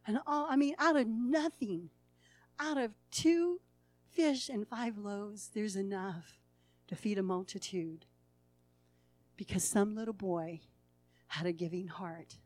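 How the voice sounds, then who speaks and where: A woman preaching a sermon in a folksy, storytelling way, laughing at times, acting out the people in the story and swinging between hushed and loud passages. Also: mid-range voice, slow, pauses often, no room sound, faint music behind.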